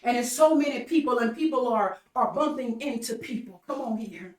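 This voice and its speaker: Woman preacher, online sermon, repetitive stammering build-ups, higher voice, captured from across the room. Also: expressive, moderate pace. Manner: repetitive call-and-response preaching with stammered restarts. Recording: echoey room, voice from far off mic.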